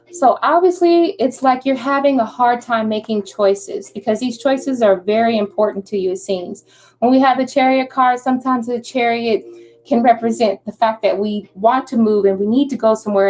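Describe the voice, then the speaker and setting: A woman doing a live-stream tarot reading, chatty and reassuring, often checking in with "okay?". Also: a little high. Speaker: tarot reader.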